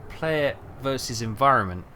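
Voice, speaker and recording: Rambling streamer, lively voice. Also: male voice, medium pitch, moderate pace, slight background noise. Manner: rambling, thinking aloud with many fillers. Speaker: game streamer. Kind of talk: casual gameplay chat.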